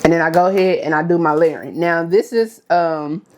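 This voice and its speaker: A woman's voice: fairly low pitch, normal speed, a little mellow. A woman, chatting casually through a cooking demonstration and often calling her viewers y'all. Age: 30s. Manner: chatty, addresses viewers as y'all, frequent okay. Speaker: cooking vlogger.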